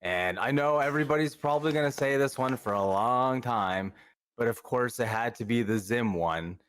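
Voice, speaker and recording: A man in his thirties, a podcast guest chatting in a soft-spoken, easygoing way. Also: mid-range voice, moderate pace, smooth. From Canada. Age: 30s. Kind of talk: casual podcast chat.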